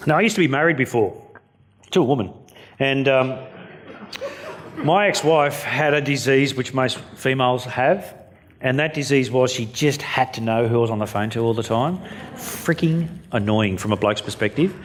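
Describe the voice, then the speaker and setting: A man's voice: mid-range voice, normal speed. An Australian man giving a keynote speech, telling stories in a jokey, blunt way. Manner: jokey, blunt, story-driven. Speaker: keynote speaker.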